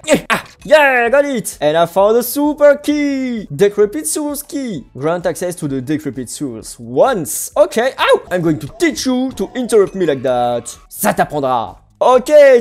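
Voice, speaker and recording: A woman giving playful gameplay commentary, bubbly and quick to exclaim, giggle and hum little tunes. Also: on the high side, a little mellow. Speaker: gaming video creator.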